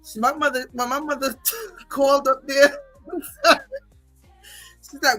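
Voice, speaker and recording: A woman's voice: high voice, slow, long pauses, faint music behind, rough recording. A woman hosting a livestream, telling a story to her chat casually, laughing often and swearing freely. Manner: laughing, profane, animated. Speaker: livestream host.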